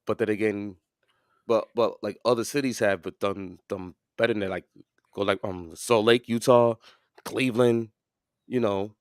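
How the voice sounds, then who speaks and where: Rambling low-voiced man talking sports. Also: steady tone, measured pace, smooth, dry recording, clean studio sound. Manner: rambling, many fillers and restarts. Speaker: podcast co-host. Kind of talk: casual sports chat.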